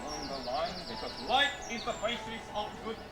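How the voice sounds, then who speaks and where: A fussy chirpy wedding photographer. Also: male voice, high voice, sing-song, fairly quick, roomy sound, over loud music. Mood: bossy. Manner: fussy, chirpy, correcting himself.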